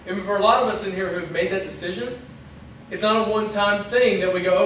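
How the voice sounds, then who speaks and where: High-voiced man preaching in an echoey hall. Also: fairly quick, fairly bright tone, recorded from a distance, slight background noise. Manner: conversational, acts out little quoted lines. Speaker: pastor. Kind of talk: casual youth sermon. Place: church hall.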